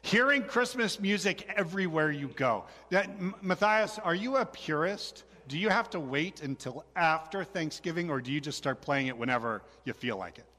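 A male pastor speaks on a stage mic in a large church sanctuary, and his words trail off in a long hall reverb. His voice is forceful and sits a little high for a man. He keeps it casual and joking, stumbling into restarts as he calls on people in the pews. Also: animated, moderate pace, hardly any pauses. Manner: joking, chatty, frequent fillers and restarts. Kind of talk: conversational sermon with congregation back-and-forth.

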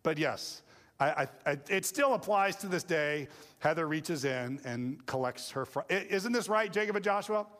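A man preaching a sermon in lively storytelling fashion, acting out kids and parents along the way. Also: on the high side, normal speed. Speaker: pastor. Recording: long hall reverb.

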